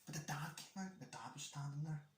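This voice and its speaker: A man's voice: on the high side, a little fast, slight background noise. A man chatting casually as a guest, telling a rambling story about his son and acting out the dialogue. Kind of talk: casual chat. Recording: echoey room.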